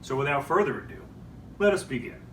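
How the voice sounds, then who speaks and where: A man voicing a pompous, formal gentleman storyteller in a theatrical, ceremonious manner. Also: medium pitch, big pitch swings, brisk, far from the mic. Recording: echoey room, off-mic, faint noise.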